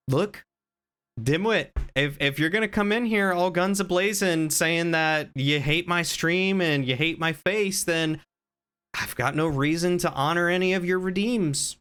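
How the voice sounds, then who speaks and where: Guy streamer rambling playfully at chat, bright crisp voice, kinda high. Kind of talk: casual live-stream chat.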